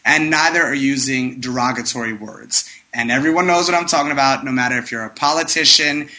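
A man's voice: medium pitch, fairly quick, bright, forceful tone, low-quality recording. A man hosting a radio talk show, chatting casually and effusively as he thanks guests, plugs sponsors and gives his listeners earnest advice. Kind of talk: casual radio talk, sign-off and shout-outs.

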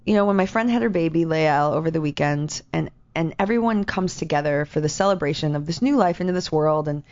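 A woman chatting casually in an animated, rambling way, often laughing as she talks. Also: deep voice, brisk. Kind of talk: casual chat. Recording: dull lo-fi sound.

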